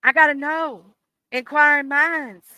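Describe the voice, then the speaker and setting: A woman's voice: high-pitched, steady tone, a little slow, pushed and bright, no room sound, low-quality recording. A woman with a Southern US accent hosting a casual livestream, talking bluntly and with plenty of swearing to her chat. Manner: blunt, profane, talks straight to chat. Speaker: livestream host.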